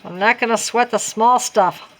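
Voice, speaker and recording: A crafting vlogger with a highish, fairly bright voice talks at normal speed as she casually walks through a craft tutorial. She's chatty and self-deprecating, working things out aloud.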